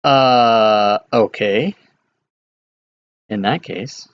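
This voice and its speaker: Laid-back male dungeon master, lo-fi mic. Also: on the low side. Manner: relaxed, halting narration with many fillers. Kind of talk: running a tabletop game over voice chat. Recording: dull lo-fi mic.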